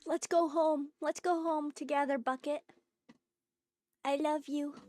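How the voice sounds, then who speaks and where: A woman's voice: sits high, flat delivery, a little slow, darkish tone, a little hiss or hum. A woman streaming a game in a playful, flirty way, chatting to her viewers. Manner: playful, flirty, talks to chat.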